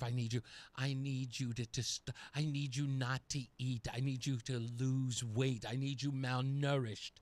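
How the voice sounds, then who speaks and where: A man voicing an exhausted, self-pitying male senator in a low, breathy, half-whispered mocking parody. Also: darkish tone, lightly acted. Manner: mocking, whiny.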